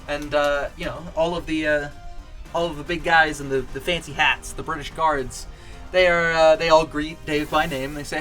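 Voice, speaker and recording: A man telling a long shaggy-dog joke on a home stream, wandering through it with fillers and restarts. His voice sits a little high for a man. Faint music plays underneath. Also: moderate pace, a bit bright. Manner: rambling, many fillers and restarts.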